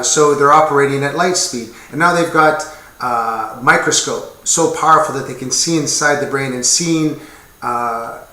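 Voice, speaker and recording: A man in his fifties talks casually and earnestly to camera, rambling a little and dropping wry asides. His voice has a bright, forceful edge. The sound bounces around a roomy, echoey space. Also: medium pitch. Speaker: military veteran sharing his experience. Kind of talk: casual explanatory talk to camera. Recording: echoey room.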